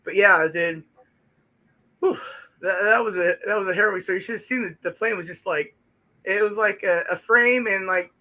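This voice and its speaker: Bright, giggly joking man. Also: sits high, moderate pace, low-quality recording. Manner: jokey, giggly, stammering restarts. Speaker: livestream guest on call. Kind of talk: casual chat.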